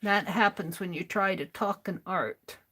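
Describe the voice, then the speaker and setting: A woman's voice: mid-range voice, measured pace, sharp tone, breathy edge. A woman streaming her art journaling, chatting casually and talking to herself as she works. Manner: talks to herself, rambling and self-amused. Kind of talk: casual chatter while crafting.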